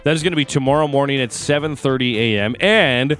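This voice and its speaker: A man's voice: mid-range voice, fairly bright tone, soft background music. A man co-hosting a sports radio show, running through scores in a casual, joking way. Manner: quick sports rundown, joking. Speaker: sports report co-host.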